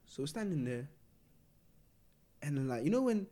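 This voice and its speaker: A man's voice: a little high, normal speed. A young man, telling a long story casually on a podcast, acting out quotes and using street slang. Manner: animated, acts out quotes, London street slang. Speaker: podcast co-host.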